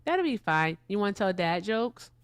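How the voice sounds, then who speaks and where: A woman streamer chats casually with the host in a blunt, sassy way. Her pitch moves a lot as she talks. She sits in the middle of the usual female range. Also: very animated, normal speed, clean tone, dry recording. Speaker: fellow streamer. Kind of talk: casual chat.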